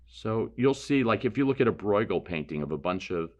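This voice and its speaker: Painting instructor, man, deep voice, relaxed explanatory studio demo. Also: brisk, lo-fi sound. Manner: relaxed, explanatory, thinks aloud while painting, self-deprecating asides. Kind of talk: painting demonstration.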